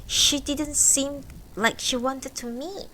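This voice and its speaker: A woman voicing a quiet, anxious young mother who speaks weakly and haltingly. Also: sits high, steady tone, a little hiss or hum, pitched above the performer's own voice, exaggerated voice, low-quality recording. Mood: hesitant. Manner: weak, halting voice.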